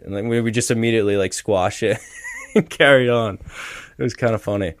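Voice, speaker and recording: A man's voice: lowish voice, wildly swooping pitch, fairly quick, no room sound. A young man in his twenties telling stories in a loose, laughing way, full of fillers, during a casual chat. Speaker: podcast co-host, former college hockey player.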